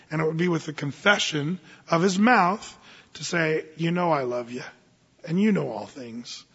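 A man preaching a sermon as pastor, animated and conversational, reading scripture slowly and deliberately. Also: on the high side, breathy edge, big-room sound, highs cut off.

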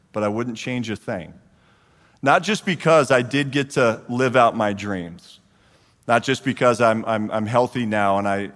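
A man in his forties, a guest speaker at a church men's group, gives a storytelling testimony and acts out the dialogue with lively energy. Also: mid-range voice. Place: church hall. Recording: long reverb of a large hall.

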